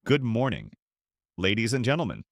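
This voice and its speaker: A steady airline captain, read by a man. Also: medium pitch, moderate pace, dry recording, studio quality. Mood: earnest.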